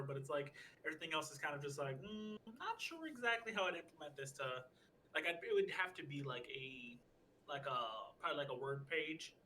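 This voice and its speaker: A man's voice: fairly high pitch, bright, forceful tone, a little hiss or hum, low-quality recording. A man co-hosting a podcast in casual chat, laid-back, swearing a lot, often acting out quotes with a laugh. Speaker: podcast co-host.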